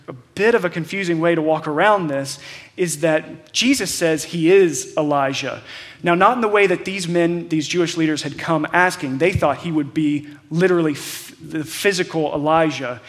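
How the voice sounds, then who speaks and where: A man preaching a sermon, talking through a Bible passage in a conversational way with frequent fillers and restarts. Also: a little high. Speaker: pastor.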